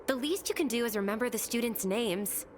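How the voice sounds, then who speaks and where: A woman voicing a poised, teasing student council president in a video game, speaking briskly and mildly scolding. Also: on the high side, lively intonation, a little hiss or hum, natural voice.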